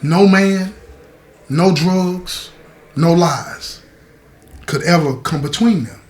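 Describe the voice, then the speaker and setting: This man speaks in a high, somewhat dark voice and takes his time. He tells a story casually, addressing his listeners directly, and the recording has a roomy echo.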